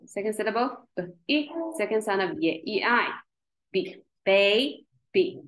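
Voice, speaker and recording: A woman's voice: mid-range voice, animated, moderate pace, a bit bright, rough recording. A woman tutoring a child in spelling, patiently sounding out letters and syllables one by one. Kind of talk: one-on-one phonics lesson.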